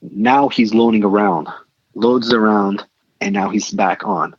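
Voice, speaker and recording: A middle-aged man, a podcast guest, telling a story casually and animatedly, with quick excited bursts. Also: lowish voice, no room sound. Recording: dull lo-fi sound.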